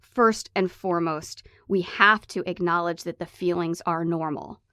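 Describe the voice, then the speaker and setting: A woman's voice: on the low side, fairly even intonation, a little slow, pushed and bright, no room sound, studio quality. Impassioned woman podcast host. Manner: impassioned, emphatic, pleading. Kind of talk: casual podcast chat.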